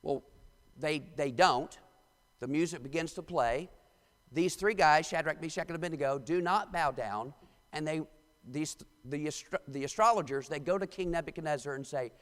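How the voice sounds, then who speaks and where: A man's voice: on the high side, normal speed. A man preaching a sermon as pastor, reading scripture with dramatic emphasis, in a church sanctuary. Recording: long church reverb.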